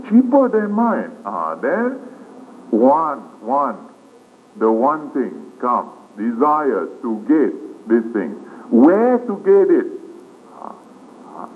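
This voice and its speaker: A man, a Buddhist monk, giving a dharma talk slowly with frequent questioning "hmm?" and "huh?" tags. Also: medium pitch. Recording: tinny lo-fi 1980s tape with faint hiss.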